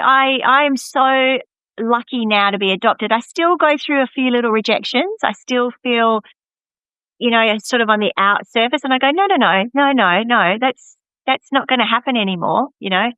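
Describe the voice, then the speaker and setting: A woman's voice: a little high, pushed and bright, clear, resonant tone, dry recording. A woman, a podcast guest candidly telling her own life story. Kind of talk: casual podcast chat. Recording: slightly dull, muffled audio.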